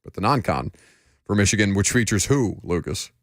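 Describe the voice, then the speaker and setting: A man's voice: lowish voice, animated, a little fast, no echo, studio quality. A man hosting a sports radio show, talking in a wry, teasing, chatty way. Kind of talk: casual sports radio banter.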